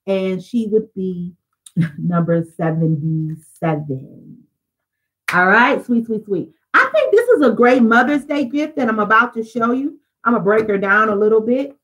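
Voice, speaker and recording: A woman's voice: on the high side, fairly bright tone, poor audio. Upbeat chatty woman selling jewelry live. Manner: chatty, upbeat, addresses viewers directly as "y'all". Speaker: jewelry seller on a live stream. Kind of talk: live-stream sales pitch.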